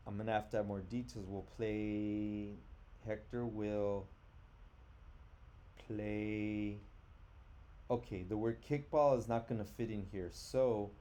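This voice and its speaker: A middle-aged male teacher talks through a lesson at an unhurried pace, in a lowish, warm, mellow voice. He stops to think aloud and sounds out each word with patience. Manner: slow, patient, sounds words out. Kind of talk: online phonics and grammar lesson.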